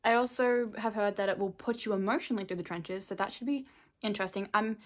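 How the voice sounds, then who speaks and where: Fast-talking young Australian woman vlogger. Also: medium pitch. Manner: rambling, lots of "like", quick asides. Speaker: book vlogger. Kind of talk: casual chatty book haul vlog. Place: her room, indoors.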